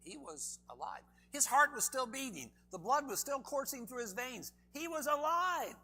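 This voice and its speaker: Emphatic preacher with a high voice. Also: male voice, very animated, normal speed, sharp tone, husky. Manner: emphatic, asks the audience many questions. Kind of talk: sermon. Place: church.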